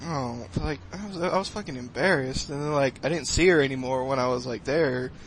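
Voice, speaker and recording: A young man co-hosting a casual podcast, retelling an embarrassing story with laughs and cursing, jumping to loud shouts. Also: mid-range voice, a little fast, a little hiss or hum, rough recording. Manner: excitable, laughs a lot, swears, rises to a shout when retelling. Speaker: podcast co-host.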